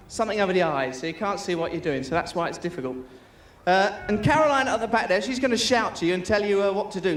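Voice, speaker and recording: A man's voice: high voice, a little hiss or hum. A man presenting and commentating an outdoor team game, joking and teasing the players. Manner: jokey, teasing, excitable. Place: outdoor sports field with crowd. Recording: echoey, distant mic, loud crowd.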